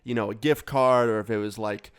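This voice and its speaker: A man telling a storytime vlog story in a casual, profane, animated way. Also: lowish voice, fairly quick, smooth. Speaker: storyteller vlogger.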